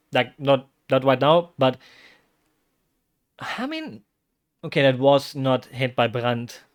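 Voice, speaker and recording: A man streaming as a vtuber, reacting live to a football match in a rambling, excitable way with bursts of loud exclamations. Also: fairly high pitch.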